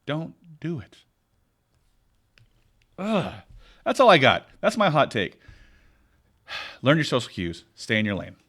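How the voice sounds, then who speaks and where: Male podcast co-host, animated and emphatic, pitch that rises and falls widely, casual delivery. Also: normal speed. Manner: animated storytelling, rants with emphasis. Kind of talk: casual chat.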